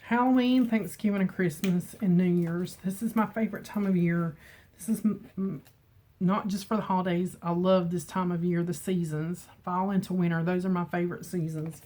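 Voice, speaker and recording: A middle-aged woman chatting casually on camera from her home, emotional and quick to laugh. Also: on the low side, fairly even intonation, dark tone. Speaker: beauty vlogger. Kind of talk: casual chat. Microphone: camera mic with ring light.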